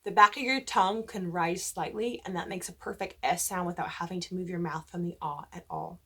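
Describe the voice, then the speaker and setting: A woman voice teacher with a lowish, bright, forceful voice talks fairly quickly as she explains diction rules for church cantors. She is patient, and she breaks into sung vowels to demonstrate vowel shapes during this instructional talk.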